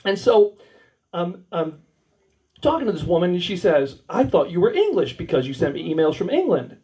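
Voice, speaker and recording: Very animated and mellow, this high-voiced American man moves at a moderate pace through crude, rambling stand-up stories, acting out the dialogue. The low-quality recording comes from a small warehouse comedy night in the United States.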